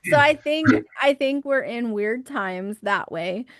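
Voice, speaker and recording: A woman hosting a podcast interview, chatty and quick to laugh, with frequent affirmations. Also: a little high, lively intonation, a bit bright, dry recording, studio quality. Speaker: podcast host. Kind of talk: casual interview talk.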